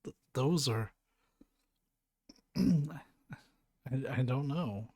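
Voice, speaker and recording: A man's voice: mid-range voice, very slow, dry recording, clean studio sound. A man reading a timid, stammering scientist. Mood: nervous. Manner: hesitant, stammering, quiet. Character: timid, apologetic male scientist.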